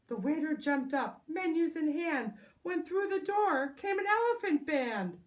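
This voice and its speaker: Woman preschool teacher, high voice, lively sing-song, unhurried storytime reading. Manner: animated, exclaiming, sing-song. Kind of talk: reading a picture book aloud to children.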